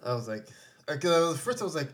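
Man, podcast co-host, casual recap chat, profane, jokey, acts out lines, slightly high voice. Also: big pitch swings, quick pace, a bit bright.

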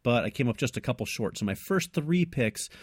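A man co-hosting a casual film podcast, upbeat and friendly, quick to laugh. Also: mid-range voice, expressive, slightly rough, no echo. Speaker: podcast co-host.

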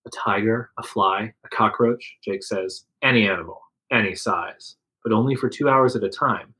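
A man's voice: fairly low pitch, moderate pace, sharp tone, poor audio. A man reading a second-person adventure story aloud to friends, voicing the quotes with some liveliness. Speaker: narrator reading an interactive story.

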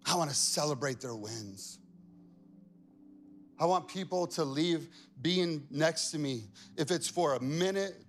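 High-voiced man preaching a sermon. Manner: conversational, acts out quoted voices. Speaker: pastor. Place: church.

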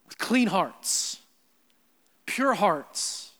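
A young adult man preaching a sermon as pastor, animated, swinging between loud emphasis and quiet asides. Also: sits high, extremely slow. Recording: long hall reverb.

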